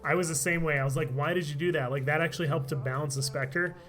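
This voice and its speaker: Man, game streamer, relaxed chatty commentary, tired voice, laughs a lot, light game music behind. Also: on the high side, fast. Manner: laid-back, chatty, laughs often. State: voice tired from talking all day. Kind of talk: live gameplay commentary.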